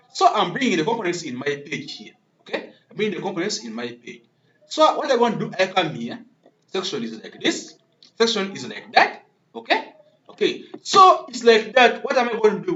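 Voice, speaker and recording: A man's voice: high-pitched, fairly bright tone. A man teaching web development live on screen, repeating words and checking in with "okay?" after nearly every step. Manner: repetitive, keeps asking "okay?". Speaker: coding instructor. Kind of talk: live-coding screen tutorial. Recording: dull lo-fi recording.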